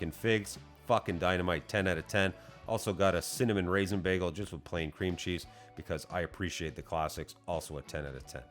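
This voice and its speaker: A man's voice: a bass voice, a bit bright. A man reviewing food in a casual vlog, blunt and profane, mocking himself as he rates each dish. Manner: profane, blunt, self-deprecating. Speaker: food vlogger. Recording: music playing underneath.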